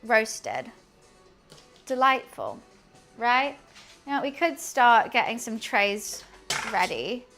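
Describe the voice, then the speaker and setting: High-voiced giggly woman streamer. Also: very animated, takes it slowly, long pauses, a bit bright, soft background music. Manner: chatty, giggly, easily distracted. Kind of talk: casual live-stream cooking chat. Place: home kitchen.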